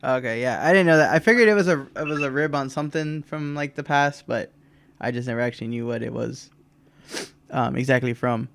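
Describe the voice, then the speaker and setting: A man's voice: mid-range voice, a little fast, creaky, clean tone. A man co-hosting a podcast, casually recapping a wrestling show and acting out the wrestlers' lines between laughs. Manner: animated retelling, mimics wrestlers' lines with laughs. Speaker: podcast co-host.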